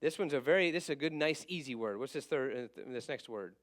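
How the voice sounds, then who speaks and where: A man's voice: medium pitch, expressive, quick pace. A man teaching a casual class. He asks questions and answers them himself, and he stops to fix his slips.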